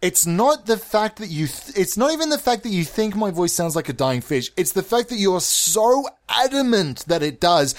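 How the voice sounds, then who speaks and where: A man hosting a comedy podcast, ranting in a theatrical, mock-offended way and over-enunciating his words. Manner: over-enunciating, sliding between exaggerated high and low voices. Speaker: podcast host.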